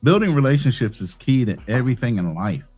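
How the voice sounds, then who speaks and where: A man's voice: mid-range voice, sing-song, a little fast, a little mellow, faint music behind. A man co-hosting a casual chat, mostly putting in brief agreeing remarks. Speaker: podcast host.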